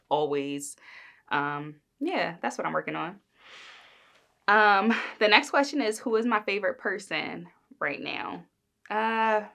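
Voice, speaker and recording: This young adult woman hosts a casual solo podcast, and her voice sits on the low side with a fairly bright tone. She rambles as she chats, filling her speech with fillers and plenty of "like"s.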